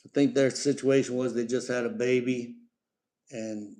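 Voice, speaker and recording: A middle-aged man with a drawl talks easily and at length during a home live stream, his voice sitting at an ordinary, mid-range pitch. His chat rambles from one thought to the next, and he keeps pausing to coax and praise his parrot. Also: fairly even intonation, dark tone.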